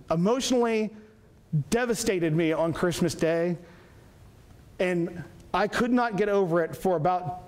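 A man's voice: sits high, a little mellow. A man from Georgia giving a lecture, telling folksy stories and making his points with emphasis. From Georgia, USA. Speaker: apologetics speaker. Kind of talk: public lecture. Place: lecture hall.

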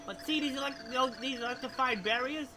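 A woman voicing a scheming, folksy male gerbil with a rough drawl. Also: high-pitched, fairly quick, over music, lightly acted.

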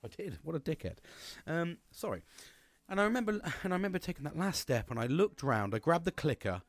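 A man's voice: fairly high pitch, big pitch swings, brisk, dry recording, soft background music. A middle-aged man hosting a podcast, telling a personal story in a frank, rambling way and swearing constantly. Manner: frank and heavily profane, rambling with restarts. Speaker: podcast host.

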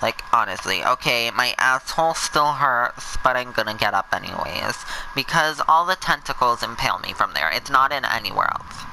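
A man giving sassy, camp, over-the-top commentary while playing a game, with sudden shouted bursts. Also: medium pitch, lively intonation, moderate pace, creaky, hardly any pauses, slight background noise, low-quality recording. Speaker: gameplay commentator. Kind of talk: let's play commentary.

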